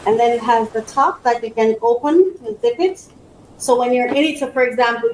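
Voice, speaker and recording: A woman's voice: a little high, normal speed, a little hiss or hum, rough recording. A woman hosting her own podcast, chatting casually and bubbly as she unboxes a product, laughing often. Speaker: podcast host.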